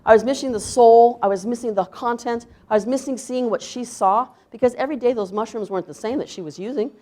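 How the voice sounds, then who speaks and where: A woman's voice: fairly high pitch, quick pace, mellow. A woman chef giving a conference talk, emphatic, asking the audience rhetorical questions and acting out quoted voices. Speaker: chef presenter.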